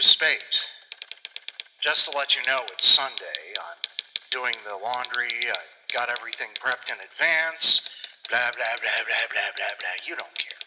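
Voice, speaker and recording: Guy rambling through his podcast intro, pitch jumps all over, noisy background hiss. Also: pushed and bright. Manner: rambling, self-mocking. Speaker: podcast host. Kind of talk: casual chat.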